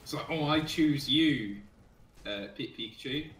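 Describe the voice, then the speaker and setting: A man chatting crudely and excitedly with friends while gaming. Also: medium pitch, measured pace, reverberant, far from the mic, a little hiss or hum, low-quality recording.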